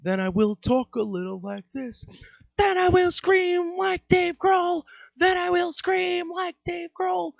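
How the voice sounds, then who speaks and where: A man putting on a mocking impression of a screaming male rock frontman, sing-song and exaggerated, breaking into high shrieks. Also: slow pace, vocal fry, no room sound, heavily acted. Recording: dull lo-fi sound.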